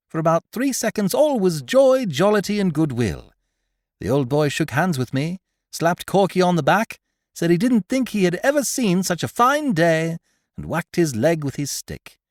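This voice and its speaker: A man reads a comic story aloud with a voice that climbs and dips all over its range. He sits close to the mic in a dead-dry booth, and his delivery stays lively and theatrical. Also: fairly high pitch, no echo. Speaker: narrator. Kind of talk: scripted audiobook narration.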